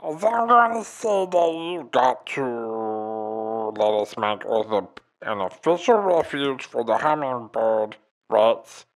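A bumbling alien woman envoy, as a man puts her on, rambling in loose, folksy country grammar. She swings her voice up high when she gets worked up, at an everyday middle pitch otherwise. It's improvised comedy, loose and unscripted. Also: sing-song, a little slow, a bit bright, rough recording.

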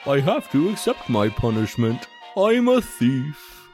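A woman's voice: sits low, huge pitch swings, a little mellow, soft background music, heavily acted. A woman voicing a remorseful male scarecrow who calls himself a thief, speaking mournfully and dramatically in a tabletop game. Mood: forlorn. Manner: mournful, drawn-out wailing.

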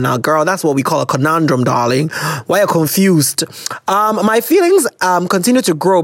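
Lively Ghanaian woman hosting an advice show. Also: on the low side, no room sound, clean studio sound. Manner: animated and teasing, mixing slang and local words. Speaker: advice podcast host reading listener letters. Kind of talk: casual chat.

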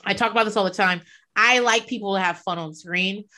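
A woman's voice: medium pitch, fairly quick, bright, forceful tone. A woman co-hosting a casual chat, blunt and profane, laughing often.

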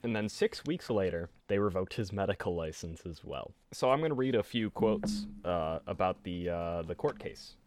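A man hosting a casual podcast, reading out a history story in an animated way. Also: moderate pace, hardly any pauses, slight background noise. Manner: animated storytelling with lively pitch. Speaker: podcast host.

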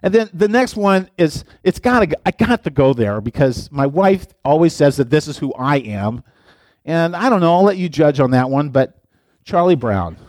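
A man's voice: fairly high pitch, sing-song, moderate pace, darkish tone, dry recording, studio quality. A middle-aged man, a pastor, giving a playful, chatty sermon and talking directly to his listeners. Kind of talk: casual sermon.

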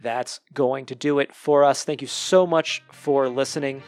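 A man's voice: mid-range voice, steady tone, a little slow, a little mellow, no echo, faint music behind. A man hosting a podcast in casual chat, upbeat and joking with his guests. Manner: jokey and upbeat. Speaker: podcast host.

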